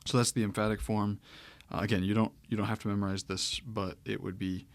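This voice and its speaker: A man teaching Greek grammar in a relaxed, explanatory way as he walks through a screen-share lecture, with frequent fillers. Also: fairly low pitch, a little fast, vocal fry, dry recording.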